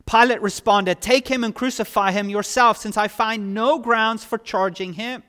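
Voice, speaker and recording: A man delivering a sermon in a fairly high voice, often putting questions to his listeners. He moves between hushed, reflective stretches and loud, emphatic ones. His voice carries a long reverb, as in a large hall. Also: steady tone, normal speed, smooth. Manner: builds from quiet reflection to loud, rising emphasis; asks the listeners rhetorical questions. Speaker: preacher.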